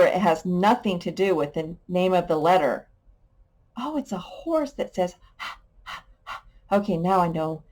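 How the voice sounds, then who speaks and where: A woman's voice: on the low side, a little mellow. A woman teacher giving a sight word lesson to young children, patient and playful, sounding out letters and adding little sound effects.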